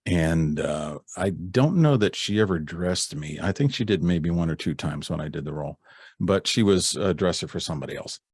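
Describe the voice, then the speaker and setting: Deep-voiced man telling backstage stories. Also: lively intonation, moderate pace, breathy edge, no room sound. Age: middle-aged. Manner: rambling, with restarts and warm laughs. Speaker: guest actor and narrator. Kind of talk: casual interview storytelling.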